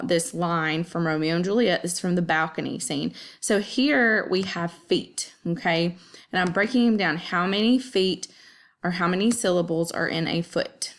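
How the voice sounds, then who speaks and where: Gravelly-voiced teacher woman explaining poetry. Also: on the low side. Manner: chatty, checks in with "okay?" often. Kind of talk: casual classroom explanation.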